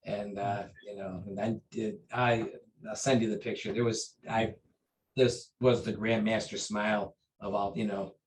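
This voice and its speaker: A man's voice: flat delivery, unhurried, a little hiss or hum, low-quality recording. A man, a martial arts instructor, telling a personal story in a casual interview. He rambles, with fillers and restarts. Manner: acts out quoted dialogue with raised pitch and volume.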